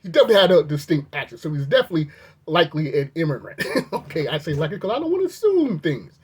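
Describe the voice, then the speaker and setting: A video reviewer telling a story in a storytime commentary, talking animatedly and sounding incredulous, with the pitch jumping up when outraged. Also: very animated, very fast, a little mellow, breathy edge. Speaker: video reviewer recounting an incident.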